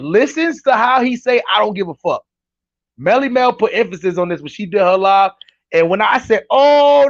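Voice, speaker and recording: A man hosting casual reaction commentary, animated and incredulous, talking straight to his chat. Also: high-pitched, no room sound, highs cut off. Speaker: commentary host reacting to clips.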